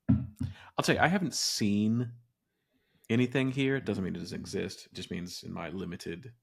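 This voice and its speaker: A male podcast co-host talks casually in a lowish voice, wry and reflective. He thinks out loud, circling back and restarting sentences as his thoughts settle. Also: creaky. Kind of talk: casual chat.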